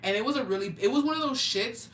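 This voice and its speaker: Bright, foul-mouthed young storyteller. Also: mid-range voice, fast talker, distant mic, slight background noise. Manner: profane, animated storytelling with slang and Spanish words. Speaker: podcast co-host. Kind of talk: casual chat. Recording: roomy, off-mic with faint ambience.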